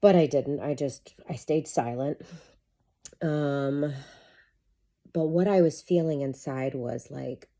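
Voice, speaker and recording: Brief: candid middle-aged female life coach, low mellow voice, casual swearing. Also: slow. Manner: candid, chatty, swears freely. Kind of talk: casual monologue to camera.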